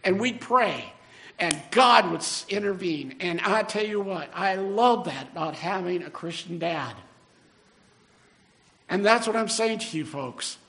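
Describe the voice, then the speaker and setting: An older man preaching a sermon as a pastor, earnest and building emphasis, slowing down on key phrases. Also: high voice, expressive, vocal fry, fairly bright tone.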